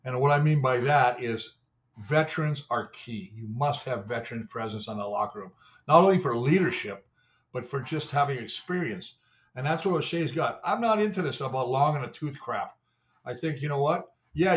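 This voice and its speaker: A man's voice: medium pitch, muffled recording. An older man, a former player and show analyst, telling rambling, salty stories in casual sports talk. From Canada. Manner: rambling, salty storytelling with mimicry.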